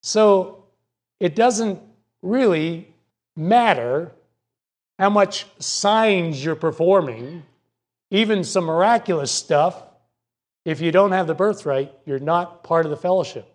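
A man preaching a sermon as pastor, measured and repeating his key points for emphasis. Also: sits high.

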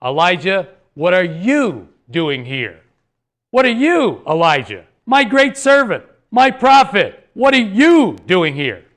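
A man's voice: high-pitched, very animated, slow, a bit bright, pitched above the performer's own voice, heavily acted. A man voicing God, repeating an emphatic, rebuking question to a runaway prophet. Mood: gently rebuking.

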